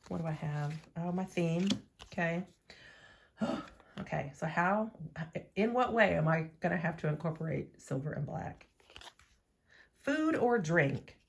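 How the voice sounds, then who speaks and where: A woman's voice: fairly low pitch, vocal fry, a little hiss or hum. A woman vlogging about nail art in a casual, playful, chatty way, talking to herself as she works. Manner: chatty, playful, talks to herself while working. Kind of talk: casual chat to camera.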